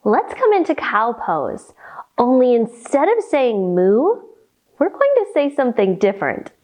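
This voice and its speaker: A woman leading a children's storytime with yoga instruction, reading aloud in a playful, expressive way. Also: fairly high pitch. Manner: animated, playful, slow and expressive.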